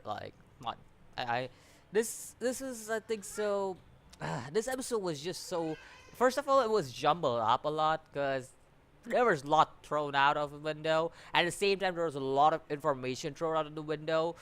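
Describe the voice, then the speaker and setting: A man's voice: on the high side, animated, normal speed, fairly bright tone. A man giving a casual, rambling review, often restarting his sentences and sounding exasperated. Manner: rambling, repeats words, many restarts and fillers; exasperated, complaining. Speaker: anime reviewer.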